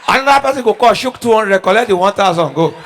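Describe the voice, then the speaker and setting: A man's voice: sits high, quick pace. A young Nigerian man doing stand-up, telling stories in Pidgin at a live show. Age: young adult. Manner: storytelling in Nigerian Pidgin, animated. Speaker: stand-up comedian. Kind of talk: stand-up comedy routine. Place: live comedy show venue.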